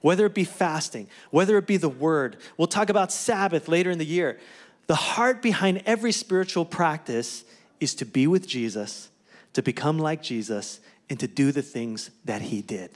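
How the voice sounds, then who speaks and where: A man's voice: on the high side, expressive, moderate pace. A middle-aged man preaching as pastor to his church, upbeat and conversational, with quips and asides between exhortations. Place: church sanctuary.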